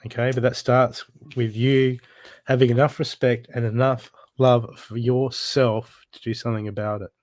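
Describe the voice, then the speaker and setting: A man's voice: medium pitch, level tone, normal speed, a little mellow, no room sound. A man giving a live intuitive reading, blunt and urgent, swearing freely as he presses the listener to heal. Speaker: spiritual reader.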